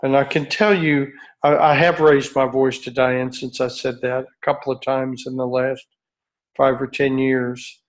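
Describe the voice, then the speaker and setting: A middle-aged man leading a retreat group, speaking slowly and earnestly in a reflective talk with searching pauses and restarts. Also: medium pitch, level tone, low-quality recording. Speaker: retreat leader. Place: outdoor retreat by a beach.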